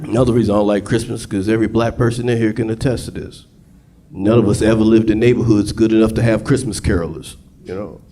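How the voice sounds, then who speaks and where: A young man performing a crude, excitable stand-up set, on a comedy club stage with a handheld mic. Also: lowish voice, fast. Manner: loud, crude, excitable storytelling. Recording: live club with loud crowd. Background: audience laughing.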